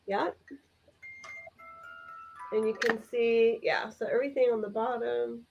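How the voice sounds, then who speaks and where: A woman's voice: fairly high pitch, steady tone, a little slow, vocal fry, highs cut off, music in the background. A woman co-hosting a live vintage sale, chatting enthusiastically as she describes items. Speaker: vintage seller co-host.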